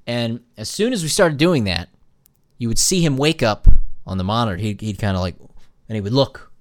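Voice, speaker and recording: A man's voice: medium pitch, moderate pace, dry recording, clean studio sound. A man and new father hosting a casual podcast monologue, telling jokey stories. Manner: animated, jokey storytelling.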